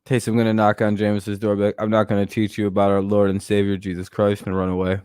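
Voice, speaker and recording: A man's voice: fairly low pitch, monotone, fast, darkish tone, clear, resonant tone, dry recording, studio quality. Rambling, profane man chatting sports. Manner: frequent fillers and restarts. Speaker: host. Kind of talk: casual sports talk stream.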